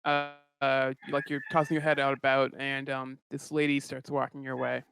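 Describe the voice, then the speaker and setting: A man's voice: medium pitch, monotone, vocal fry, fairly bright tone. A man narrating and refereeing a tabletop role-playing session as game master, with frequent ums and restarts. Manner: halting narration with many fillers.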